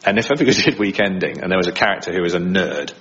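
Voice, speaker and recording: A man who works as an impressionist chats as a guest in a radio studio interview, laughing often as he talks. His low, somewhat bright voice is expressive and rapid-fire, and the sound is lo-fi.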